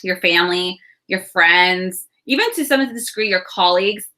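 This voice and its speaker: A woman in her thirties giving a casual, reassuring astrology and tarot reading to camera, chatty and warm-hearted, with laughs and sighs between thoughts. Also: fairly low pitch, moderate pace.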